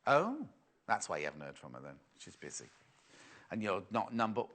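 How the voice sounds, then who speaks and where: A man's voice: on the low side, huge pitch swings, normal speed, a bit bright. A middle-aged man presenting live sales on TV, chatty and teasing as he banters with his crew. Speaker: shopping channel presenter.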